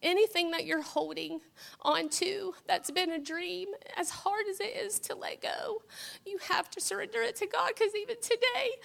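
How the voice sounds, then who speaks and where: High gravelly-voiced woman giving testimony. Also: fairly even intonation, moderate pace, a bit bright. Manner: tearful, laughing through tears. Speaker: church member giving testimony. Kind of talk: emotional church testimony.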